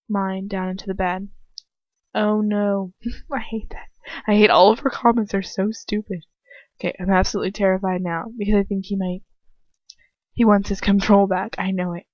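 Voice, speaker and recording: A woman's voice: mid-range voice, darkish tone, dry recording. A woman reading a story aloud in the first person, dramatic and breathless at the tense moments. She breaks off now and then to comment in a casual aside. Her voice sounds dry and a little muffled, like a simple home recording. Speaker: fanfiction reader.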